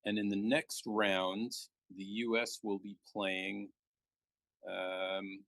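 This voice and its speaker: A man commentating a live backgammon match, joking and relaxed as he banters with his co-host. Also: fairly low pitch, slow pace, gravelly, no room sound.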